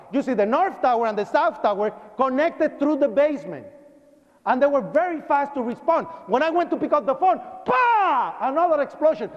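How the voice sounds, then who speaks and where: A man giving an eyewitness account as a public lecture, telling it dramatically and acting out shouts and sounds. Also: very high-pitched. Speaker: eyewitness speaker. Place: lecture hall. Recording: reverberant hall, dull broadcast audio.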